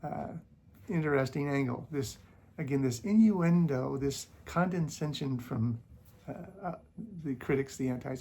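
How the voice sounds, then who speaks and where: Gravelly, husky man arguing his case. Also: medium pitch, normal speed, warm tone. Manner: argumentative, mocking critics, sarcastic. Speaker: YouTube channel host. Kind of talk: casual commentary.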